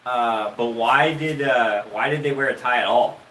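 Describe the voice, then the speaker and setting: A man's voice: mid-range voice, moderate pace, sharp tone. A man casually telling stories on a livestream, rambling and restarting his sentences. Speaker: livestream host. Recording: roomy, distant mic with faint noise.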